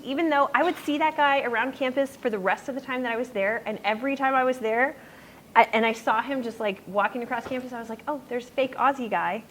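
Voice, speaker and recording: A woman's voice: on the high side, slight background noise, low-quality recording. A young adult woman giving a casual youth sermon, chatty and full of fillers and tangents. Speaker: youth speaker. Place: youth group room.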